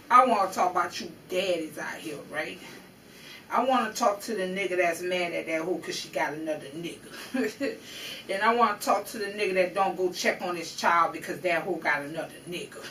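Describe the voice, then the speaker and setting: A woman's voice: medium pitch, pushed and bright, far from the mic, slight background noise. A woman vlogger giving an emotional, profane, confrontational commentary on a news story, drawing on her own life. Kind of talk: emotional personal commentary rant. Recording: roomy echo, voice off-mic.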